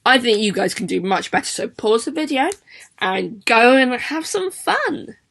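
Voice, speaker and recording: A woman's voice: fairly high pitch, big pitch swings, measured pace, gravelly, a bit bright. A young woman, a primary school teacher giving a chatty, encouraging video lesson to children. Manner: chatty, encouraging, sing-song questions to pupils.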